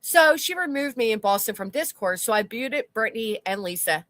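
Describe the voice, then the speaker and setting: A woman's voice: a little high, animated, normal speed, fairly bright tone, no room sound. A woman hosting a livestream, reading chat comments aloud with blunt, sarcastic commentary and casual swearing. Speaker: commentary channel host.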